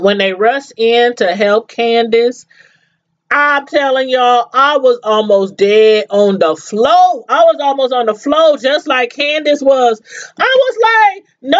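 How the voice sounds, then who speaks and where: A woman in casual chat recapping a TV episode, animated and laughing as she acts out the characters' lines. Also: a little high. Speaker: TV show reviewer. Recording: slightly dull, lo-fi sound.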